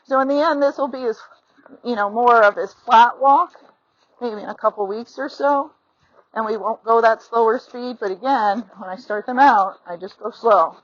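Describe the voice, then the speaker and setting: A woman's voice: a little high, normal speed. A middle-aged woman giving a riding lesson outdoors while on horseback, chatty and encouraging, talking into a phone mic. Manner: chatty and encouraging, acts out horse and rider thoughts. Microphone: phone mounted on the rider. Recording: slightly dull lo-fi sound.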